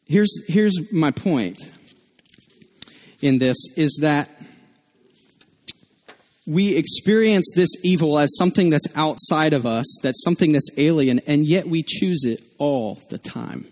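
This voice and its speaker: A male pastor delivers a sermon in an earnest, conversational way, moving easily between scripture and personal stories. His voice sits a little higher than most men's. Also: animated, takes it slowly, long pauses, darkish tone.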